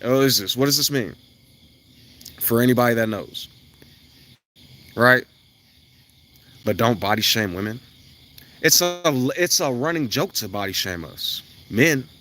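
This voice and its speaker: A man's voice: medium pitch, expressive, unhurried, pauses often, bright, forceful tone. A man delivering a blunt, profane, preachy monologue outdoors near his house. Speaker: self-styled spiritual vlogger. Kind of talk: ranting monologue to camera.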